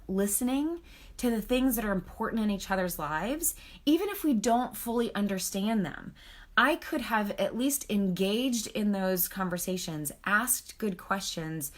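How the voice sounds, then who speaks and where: A woman marriage counselor speaking on a live stream, talking earnestly and encouragingly, checking in with her viewers and reading out their comments. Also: mid-range voice. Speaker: marriage counselor and author hosting a book club live stream. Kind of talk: casual teaching on a live video stream.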